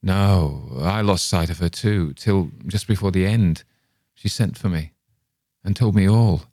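A man's voice: sits low, unhurried, warm tone, dry recording, studio quality. Man reading as a grim male storyteller. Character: grim male storyteller with a ghoulish journalistic relish.

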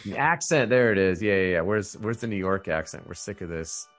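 A man's voice: deep voice, a little fast, soft background music. A man hosting a podcast in casual chat, rambling with lots of fillers and restarts. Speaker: podcast host.

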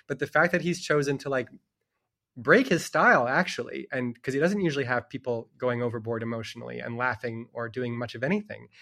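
Middle-aged guy, book author, rambly casual chat, mid-pitched voice, keeps saying like. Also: a bit bright. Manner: rambling, chuckling, heavy on "like" fillers. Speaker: children's book author and illustrator, guest. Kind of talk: casual conversation about books.

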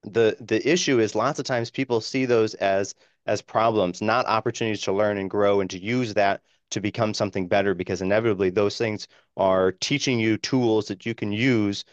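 A male podcast host with a fairly low voice works through his thoughts in halting, restarting phrases. The recording sounds dry and a bit dull, like a lo-fi mic. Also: fairly even intonation, no room sound. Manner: halting, restarting phrases while he thinks aloud. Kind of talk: interviewer summing up and asking.

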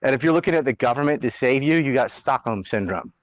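A man's voice: medium pitch, expressive, quick pace, no echo, lo-fi sound. A man hosting a podcast, ranting bluntly and sarcastically with plenty of swearing in casual political chat. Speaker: podcast host.

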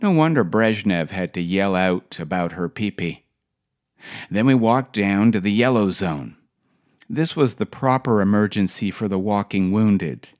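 Slow, wry middle-aged male essayist. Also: lowish voice. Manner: dry, wry storytelling. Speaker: podcast essayist. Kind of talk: reading a personal essay.

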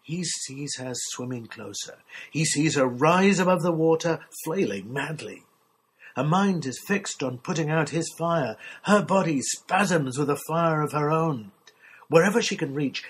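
A man reading a literary short story aloud in a measured, expressive storytelling manner. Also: on the high side, a little hiss or hum, rough recording. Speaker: story reader.

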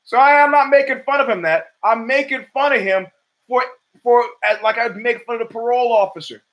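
An older man hosting his own show, talking in a rambling, profane, animated monologue full of stories. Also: very high voice, brisk, lo-fi sound. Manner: profane, rambling, animated storytelling with acted quotes. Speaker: podcast host. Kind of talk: casual monologue.

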